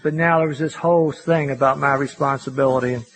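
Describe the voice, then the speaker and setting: A man's voice: mid-range voice, steady tone, fast, a bit bright, low-quality recording. An older man from Louisville, Kentucky, speaking at a recovery meeting, telling his story in a folksy, self-mocking way with frequent "you know"s.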